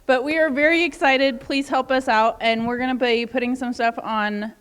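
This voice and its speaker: Woman, high-pitched, bubbly and excited, church youth announcement. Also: normal speed, clear, resonant tone, long reverb tail. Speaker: youth group leader. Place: church sanctuary.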